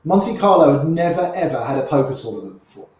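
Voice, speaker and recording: A middle-aged man spins casual, wry stories as an interview guest, his voice sitting a little high. He loops back and repeats phrases as he goes. The room around him rings with strong echo. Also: sing-song, quick pace, a little mellow. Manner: chatty, wry, repeats himself while telling stories. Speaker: interview guest, poker player. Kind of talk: casual anecdotal storytelling.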